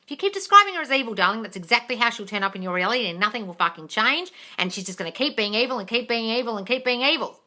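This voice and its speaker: This woman's voice is a little high, and she races along with few pauses. Hosting a casual live question-and-answer stream, she swears, speaks bluntly, calls viewers "darling," and veers from gentle coaxing to excited squeals.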